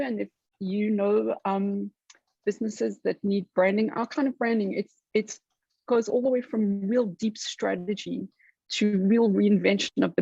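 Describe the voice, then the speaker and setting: A woman's voice: mid-range voice, gravelly, mellow, breathy edge, no room sound, lo-fi sound. A woman with an older-style South African accent, chatting at a networking meeting on a video call and often repeating words as she starts. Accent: older British-style South African. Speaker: branding firm member.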